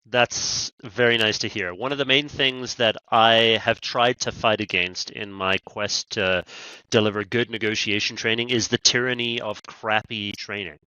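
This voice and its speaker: Bright-toned Canadian man, animated storyteller. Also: fairly low pitch, normal speed, clean tone, no echo, dull audio. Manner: animated storytelling with quoted asides. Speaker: podcast guest, negotiation trainer. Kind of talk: conversational interview.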